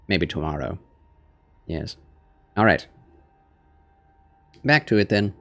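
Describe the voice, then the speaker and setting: Streaming a horror game, a man chats casually with his viewers in a low, slightly bright voice, keeping a measured pace with frequent pauses. Now and then he whispers to his cat in baby talk.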